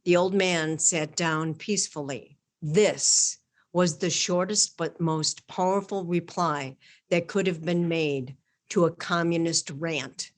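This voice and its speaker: A woman guest reads a homily aloud with a fairly low voice. Her delivery is earnest and measured, and it builds to emphatic peaks. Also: steady tone.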